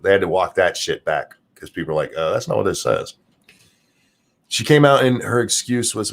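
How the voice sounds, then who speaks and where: Profane ranting man, low voice leaping high. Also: expressive, moderate pace, gravelly. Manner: profane, mocking rant with sudden pitch jumps. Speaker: streamer and show host. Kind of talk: ranting live-stream commentary.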